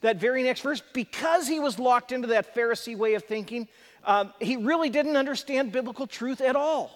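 High-voiced preacher in an echoey hall. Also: male voice, a little fast. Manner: conversational and emphatic, with asides and chuckles. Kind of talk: live sermon teaching. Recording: long hall reverb.

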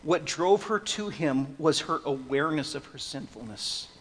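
A man preaching an expository sermon, swinging from hushed, slow passages to loud, emphatic ones. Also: fairly high pitch, expressive, big-room sound, slight background noise. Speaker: pastor.

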